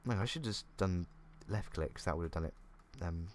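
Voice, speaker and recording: A young man with a deep, darkish voice talks at a moderate pace, casually commenting on a game as a gaming YouTuber. He thinks aloud and pokes fun at himself, with faint keyboard clicks audible.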